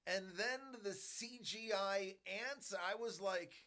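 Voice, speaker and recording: A man in his forties, a stream host, ranting in a rambling, animated way about a movie in casual chat. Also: high-pitched, slow.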